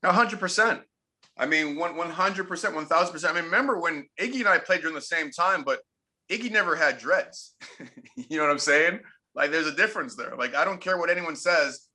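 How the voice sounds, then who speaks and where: A man's voice: fairly high pitch, animated, a little fast, bright, forceful tone. A man in his forties, a former pro hockey player from Canada, telling stories in an interview, emphatic and repeating his points for effect. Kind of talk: candid interview storytelling.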